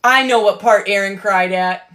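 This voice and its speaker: A woman's voice: mid-range voice, normal speed, fairly bright tone. A woman giving casual, sarcastic and profane reaction commentary on a book she reads aloud.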